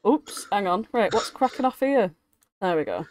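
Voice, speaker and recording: A woman's voice: medium pitch, expressive, normal speed, a little mellow. Giggly woman hosting. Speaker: host. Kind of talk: casual chat on a video call. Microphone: webcam video call.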